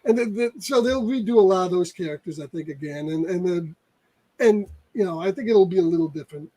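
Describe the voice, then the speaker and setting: A man's voice: sits high, fairly quick, warm tone. A man co-hosting a casual podcast, rambling and hesitant with many restarts. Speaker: podcast co-host. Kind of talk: casual chat.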